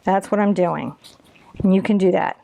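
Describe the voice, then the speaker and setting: A woman's voice: medium pitch, normal speed, vocal fry, warm tone. A woman in her forties teaching a live painting lesson, chatty and encouraging as she talks through each brush stroke. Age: 40s. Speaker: painting instructor.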